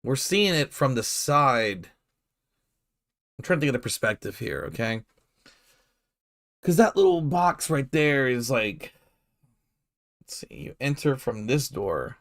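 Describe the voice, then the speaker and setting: A man's voice: mid-range voice, sing-song, slow, pauses often, fairly bright tone. A man streaming a horror game, rambling to himself in a playful, casual way. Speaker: gameplay streamer. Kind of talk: casual chat while playing a horror game.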